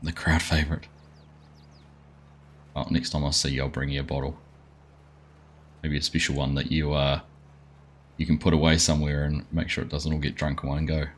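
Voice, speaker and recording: A man with an extremely low voice hosts a live gaming stream, speaking at normal speed in a level tone with long pauses and a little hiss or hum. Playing a farming game, he chats casually and greets viewers by name.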